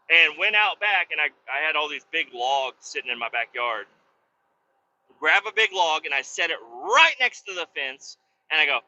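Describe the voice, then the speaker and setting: Animated, bright-voiced man telling a story. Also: a little high, muffled recording. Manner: profane, animated, laid-back storytelling. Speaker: podcast host. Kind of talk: casual storytelling. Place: driving in a car.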